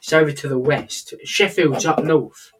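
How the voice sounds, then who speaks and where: A man's voice: on the high side, measured pace, fairly bright tone, a little hiss or hum. A man co-hosting a podcast, bantering and teasing his co-host in casual chat. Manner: teasing, jokey.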